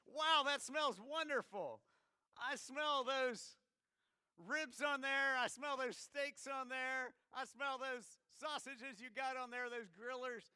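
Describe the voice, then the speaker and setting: Pastor putting on a starving young prince, American accent, high and bright, gushing slowly over grilled meat. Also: male voice, smooth, no echo, studio quality. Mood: delighted, gushing. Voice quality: eager, drawn-out exclamations. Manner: gushing, slowed for effect. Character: hungry young prince, swooning over barbecue.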